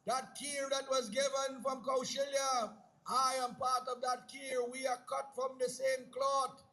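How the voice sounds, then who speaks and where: A man's voice: very high voice, little pitch movement, a little slow, bright, forceful tone, exaggerated voice, poor audio. A man voicing a loyal young prince earnestly pleading to follow his brother.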